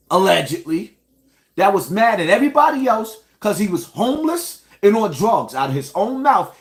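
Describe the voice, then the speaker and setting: Man from New York, fairly high voice, indignant direct-to-camera commentary. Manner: indignant, addresses viewers directly. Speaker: online show host. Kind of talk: commentary rant.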